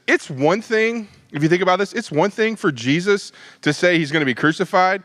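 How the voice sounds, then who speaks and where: A man leading a midweek Bible study, conversational and animated, acting out the disciples' lines. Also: sits high, very fast, no room sound.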